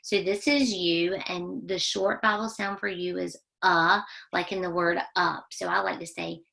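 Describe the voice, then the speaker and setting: A woman, a children's librarian, giving an online phonics lesson and drilling young kids in call-and-response, sounding out words and gently praising each try. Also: fairly low pitch, steady tone, measured pace, creaky, few pauses.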